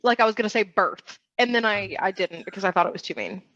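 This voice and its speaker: A woman's voice: mid-range voice, expressive, quick pace, fairly bright tone, muffled recording. A woman playing a tabletop game, throwing in joking asides. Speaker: player. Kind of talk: casual tabletop game banter.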